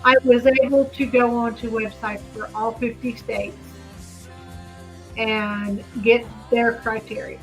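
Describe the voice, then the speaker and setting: A woman's voice: fairly high pitch, flat delivery, slow pace, soft background music, low-quality recording. A woman hosting a home vlog, chatting casually and reading official text aloud, often drifting off to react to what she reads. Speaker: channel host. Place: home in a residential cul-de-sac.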